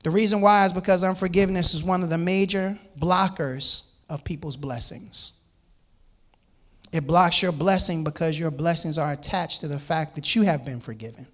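A man's voice: fairly high pitch, normal speed, fairly bright tone. A man preaching a sermon, reading scripture aloud and explaining it to his listeners. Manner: reads scripture aloud and comments on it; repeats words and restarts, addresses listeners as "man".

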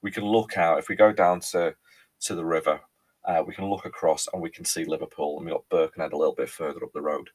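A man's voice: extremely low pitch, steady tone, quick pace, breathy edge. A man in his thirties with a Merseyside accent, hosting a casual solo podcast and chatting in a rambling way full of ums and restarts. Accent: Merseyside with a faint Cheshire lilt. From Ellesmere Port, England. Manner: chatty and rambling, with frequent ums and repeated words. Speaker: podcast host.

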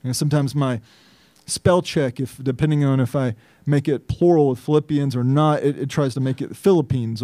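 Emphatic pastor with a dark, mellow voice. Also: male voice, fairly high pitch, dry recording. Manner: earnest, emphatic, thinking aloud with restarts. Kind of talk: sermon.

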